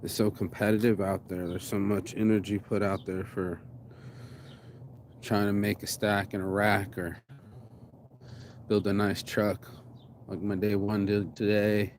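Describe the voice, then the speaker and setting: Speaking to camera amid noisy ambient background, a Las Vegas vlogger delivers a rambling, heartfelt motivational monologue, moving from sighs to emphatic outbursts. His lowish, darkish voice is flat and unhurried, with long pauses.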